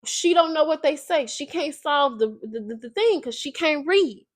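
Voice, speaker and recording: A woman's voice: sits high, moderate pace, dry recording. Slangy woman recapping a book. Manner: slangy, animated retelling. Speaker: video creator.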